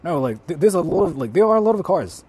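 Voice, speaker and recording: A male streamer, out of doors in a city at night, talking in loud, profane, mocking bursts and switching between English and Japanese, recorded on a handheld mic while he walks. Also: sits high, very animated, fast, breathy edge. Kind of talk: casual live-stream chatter.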